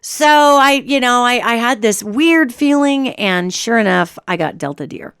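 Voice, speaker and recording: A middle-aged woman hosting a radio show, telling a story in a chatty, animated way with restarts. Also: a little high, unhurried, clean tone, no echo, studio quality. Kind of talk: casual storytelling monologue.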